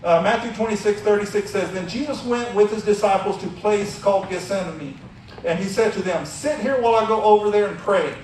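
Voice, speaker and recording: High-voiced man preaching in an echoey room. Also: a little fast, a little mellow, distant mic, a little hiss or hum. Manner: casual, conversational preaching. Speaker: youth pastor. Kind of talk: sermon.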